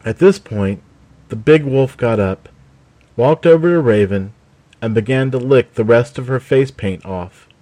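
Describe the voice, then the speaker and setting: A man's voice: medium pitch, unhurried, warm tone. Man narrating a fantasy story.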